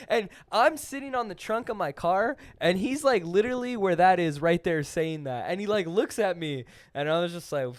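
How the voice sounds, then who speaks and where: A young man hosting a podcast, telling a story in a casual, animated way full of "like" and acted-out voices. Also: high voice, normal speed, hardly any pauses. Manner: animated, full of "like", acts out voices in his stories. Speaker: podcast host.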